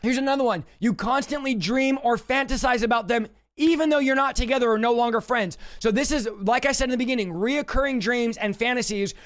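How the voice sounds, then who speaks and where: A man preaching a fervent deliverance teaching on a livestream, exhorting the audience with rapid call-outs. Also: extremely high pitch, fairly bright tone.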